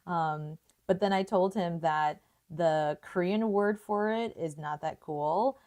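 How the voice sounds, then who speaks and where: A woman's voice: fairly low pitch, moderate pace, hardly any pauses, mellow. A young woman hosting a live watercolor painting tutorial, chatting casually, thinking aloud and laughing often. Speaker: art tutorial host.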